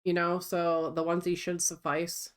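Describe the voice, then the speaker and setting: A woman with a somewhat low voice chats casually on a stream. She tells her stories plainly and matter-of-factly, without much drama. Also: completely flat delivery, moderate pace. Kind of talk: casual chat.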